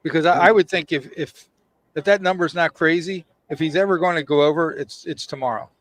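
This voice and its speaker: A man on a sports radio show making his point in halting bursts, repeating words as he goes. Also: a little high, slight background noise.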